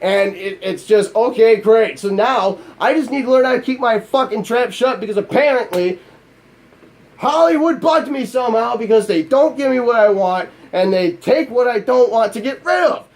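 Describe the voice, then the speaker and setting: A man with a high voice, for a man, rants on camera as a gaming YouTuber. He swears constantly and sounds exasperated, then turns on himself with mocking asides. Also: a little mellow. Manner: profane, exasperated ranting; self-mocking. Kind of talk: angry vlog rant.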